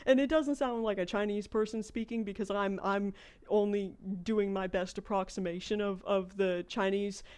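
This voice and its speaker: A woman's voice: mid-range voice, fairly even intonation, moderate pace, darkish tone, smooth. An American woman streaming a game, chatting casually with her viewers and thinking aloud at length as she plays. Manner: rambling, thinks aloud while playing. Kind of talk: casual livestream chat.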